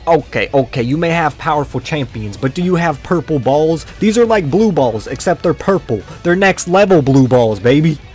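A man's voice: fairly high pitch, animated, moderate pace, hardly any pauses, a little mellow, soft background music. A young man giving goofy, slangy comedic commentary over his own gameplay, trash-talking the other players. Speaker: gaming video creator.

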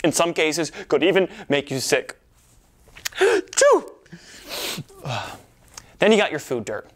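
A man's voice: fairly high pitch, expressive, measured pace, fairly bright tone. A man giving a playful, exaggerated comedic demonstration as a presenter. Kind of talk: comedic product demo.

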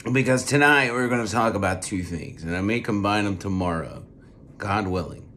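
Guy w a low raspy lost voice doing his podcast, ranting about politics, bit of background noise. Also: fairly bright tone. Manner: hoarse and strained, quick rants with repeated words. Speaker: podcast host. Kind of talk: casual political commentary.

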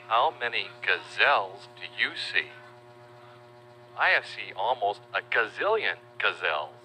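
A man narrating a children's educational video, playful and animated, spelling out words slowly for young viewers. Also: fairly low pitch, a little hiss or hum, poor audio.

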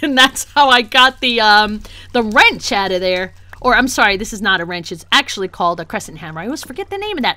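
A young woman hosting a gaming channel, giving flustered, excitable let's play commentary and laughing often. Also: medium pitch, fast, hardly any pauses, no echo.

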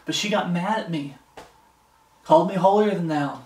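A man's voice: high-pitched, moderate pace, a little mellow, a little hiss or hum. A man preaching an informal sermon, earnest and conversational, repeating phrases for emphasis and reading scripture aloud. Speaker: pastor. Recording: echoey room, distant mic.

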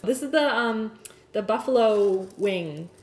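A woman's voice: mid-range voice, slow pace, crowd noise. A young woman chatting casually through a cooking vlog in her home kitchen, bubbly and giggly. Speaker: cooking vlogger. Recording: echoey kitchen room.

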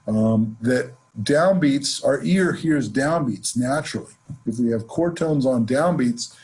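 Husky-voiced man teaching jazz rhythm. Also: medium pitch, rough recording. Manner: relaxed, conversational, counts off beats. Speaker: jazz music instructor. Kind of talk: explaining and demonstrating on instrument. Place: home studio, online session.

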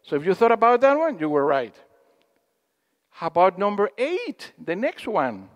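Lively high-voiced man giving a spiritual talk. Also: moderate pace, big-room sound. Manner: storytelling with questions to the audience, acting out quotes. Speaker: speaker at a spiritual gathering.

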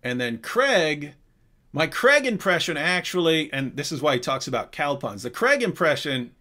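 A man's voice: a little high, big pitch swings, moderate pace, bright, forceful tone. A man hosting a live question-and-answer stream, talking casually and animatedly with frequent asides and restarts. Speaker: host.

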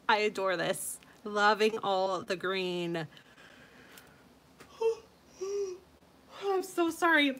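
A woman with a high-pitched voice hosts a scrapbooking channel, chatting casually and gushing over viewers' layouts, often dropping in soft asides.

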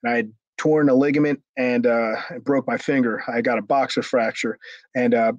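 With a mid-range voice, fairly even intonation and a normal speaking speed, a middle-aged man relates a story in a casual interview. He used to wrestle professionally, and he swears freely while acting out the story's people. The lo-fi audio is dry and slightly dull, with no room sound.

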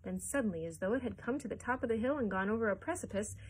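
Breathy woman reading a children's story. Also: medium pitch, expressive, rapid-fire, rough recording. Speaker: children's librarian. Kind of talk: storybook read-aloud.

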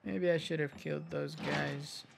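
A man's voice: a little high, fairly even intonation, unhurried, vocal fry, noisy background. A man giving casual, jokey commentary while playing a game, rambling, swearing and muttering to himself. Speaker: gaming channel host.

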